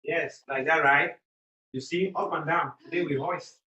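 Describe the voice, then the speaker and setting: An adult woman teaches young children in a classroom at a temporary learning center, coaxing them and repeating prompts for them to echo back. Her low voice is steady, unhurried, bright, and forceful, with the highs cut off in an echoey room with faint noise.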